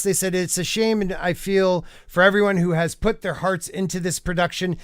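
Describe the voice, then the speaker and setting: A man with a high, smooth voice hosts a casual podcast chat. He is blunt and swears freely, and he stumbles over words when reading aloud. The sound is dry and close. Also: no room sound. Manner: blunt and profane. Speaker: podcast host.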